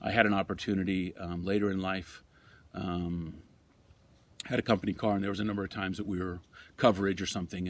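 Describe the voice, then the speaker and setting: An older man, a retired fire captain, telling lively anecdotes in an interview and then speaking quietly and reflectively. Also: deep voice. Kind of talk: interview storytelling.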